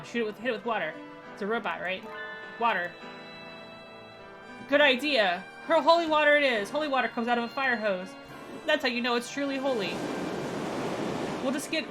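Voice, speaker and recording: A woman streamer chats and jokes over a game she is playing, her voice a little higher than most. Faint music plays underneath as she riffs. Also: normal speed, pauses often. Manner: joking, chatty asides. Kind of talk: let's play commentary.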